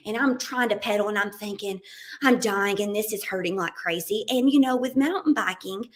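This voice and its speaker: A woman guest on an interview, telling stories in a casual, animated way and acting out quotes and sounds. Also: on the high side. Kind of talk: casual anecdotal storytelling.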